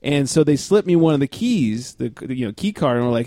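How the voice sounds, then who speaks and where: A man's voice: mid-range voice, animated, fairly quick, dark tone, no room sound, studio quality. A man hosting a casual podcast chat, telling stories with wry, self-mocking jokes. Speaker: podcast host.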